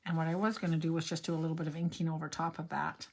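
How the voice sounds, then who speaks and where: Chatty older woman with a lowish voice. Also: flat delivery, very fast, gravelly. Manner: rambling, talkative, digresses into personal stories. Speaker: card-making tutorial host. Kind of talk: chatty crafting demonstration.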